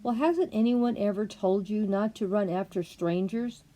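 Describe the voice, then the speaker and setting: A woman voicing a fussy, hurried male white rabbit who scolds and frets about being late. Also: mid-range voice, mellow, lightly acted. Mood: scolding.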